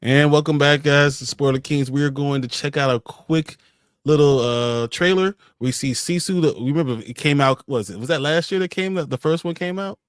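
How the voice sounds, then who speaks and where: A man's voice: fairly high pitch, normal speed, clear, resonant tone, dry recording. A man hosting a casual show chat in an easygoing way, steering the talk along. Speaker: host.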